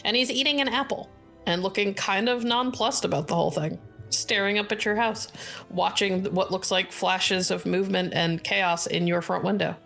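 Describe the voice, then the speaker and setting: A woman's voice: medium pitch, steady tone, moderate pace, vocal fry, fairly bright tone, faint music behind. A woman narrating a tabletop role-playing game as game master, describing scenes with many fillers.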